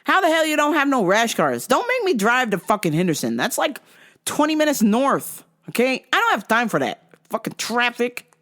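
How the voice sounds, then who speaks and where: A woman's voice: a little high, moderate pace. A woman hosting a podcast, telling a casual story monologue full of swearing, with mimicked sounds and quoted outbursts. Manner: profane, animated, mimics sounds. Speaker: podcast host.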